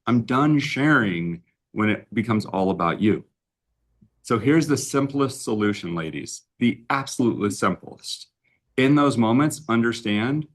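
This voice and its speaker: A man with a somewhat low voice talks through a live-streamed relationship chat. He tells personal stories in a loose, conversational way and keeps checking in with his listeners. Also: a bit bright. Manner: storytelling, often tags lines with "right?". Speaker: relationship coach and host. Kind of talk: casual conversation.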